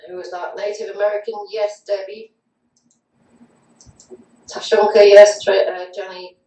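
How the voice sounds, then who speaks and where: A woman's voice: mid-range voice, little pitch movement, measured pace, warm tone, reverberant, recorded from a distance, rough recording. A woman spirit medium, shaken, reading viewer comments aloud on a live online show. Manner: shaky, reads chat comments aloud.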